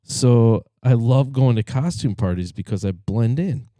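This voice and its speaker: A man telling a joke as a calm secretive alien. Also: medium pitch, unhurried, no room sound, clean studio sound, lightly acted.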